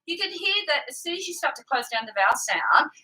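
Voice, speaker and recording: A woman singing teacher who explains technique patiently and clearly, breaking off to sing short examples. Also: high voice, sing-song, a little fast, pushed and bright, low-quality recording. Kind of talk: vocal lesson with sung demonstrations.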